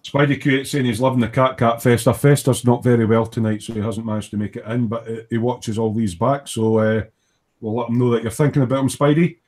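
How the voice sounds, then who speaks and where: A man's voice: medium pitch, steady tone, a little fast, a little mellow. Man, stream host, casual chat, reads viewer comments aloud.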